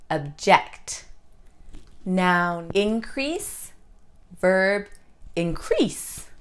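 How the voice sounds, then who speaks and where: A woman teaching an English pronunciation lesson, saying each example word slowly and deliberately. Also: medium pitch, fairly bright tone.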